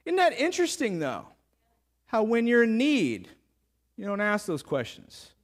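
A male pastor with a fairly high voice delivers a sermon like he's telling a story to friends. He talks casually, piles on filler words and breaks into playful sarcasm. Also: wildly swooping pitch, a little slow.

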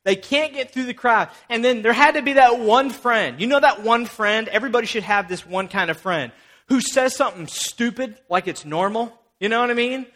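A young man preaching a sermon, retelling a story in an animated, playful way and acting out the characters. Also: very high-pitched, normal speed. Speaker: pastor.

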